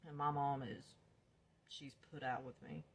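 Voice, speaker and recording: With a rumbling low voice and a measured pace, a young woman narrates her own experiences to the camera over slight background noise. She keeps it casual and spirited, cussing freely, laughing often, and calling viewers y'all.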